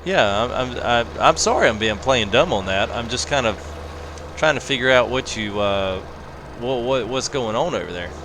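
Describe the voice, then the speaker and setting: With loud game engine noise behind him, a man hosts a live game stream, chatting casually, joking and reading out chat comments. His voice is medium-pitched with lively intonation at a normal speed.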